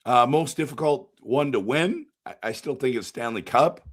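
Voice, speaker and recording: A man with a hoarse, worn-out voice hosting a casual live-stream post-game show, rambling, answering chat and breaking into excited outbursts. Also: medium pitch, moderate pace. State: hoarse, voice shot.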